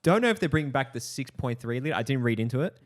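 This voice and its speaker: A man's voice: medium pitch, lively intonation, racing. A man hosting a podcast, chatting casually with friends, laughing often and swearing freely. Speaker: podcast host. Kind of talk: casual chat.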